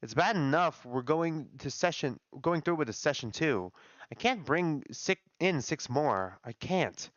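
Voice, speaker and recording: A man's voice: fairly high pitch, expressive, fairly bright tone, no echo. A man reading as a frightened, guilt-ridden young staffer. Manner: hesitant, halting. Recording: dull lo-fi dry audio.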